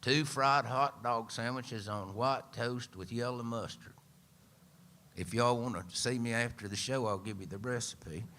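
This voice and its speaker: A man's voice: mid-range voice, a little slow, a bit bright, slight background noise. A man in his seventies with an East Tennessee accent, telling a folksy, dry-humored story live on a radio show. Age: 70s. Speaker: singer-songwriter and storyteller.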